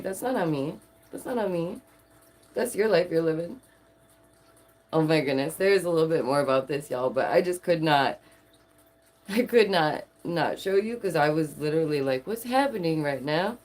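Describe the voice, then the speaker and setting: A woman vlogger giving sarcastic, animated commentary and laughing often. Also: fairly low pitch. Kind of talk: casual opinion commentary.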